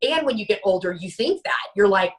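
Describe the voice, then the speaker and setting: A woman in her forties, a guest author telling her personal story in an interview, halting and restarting often, acting out what others said. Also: medium pitch, rough recording. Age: 40s. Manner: halting, many restarts, lively quoting of others.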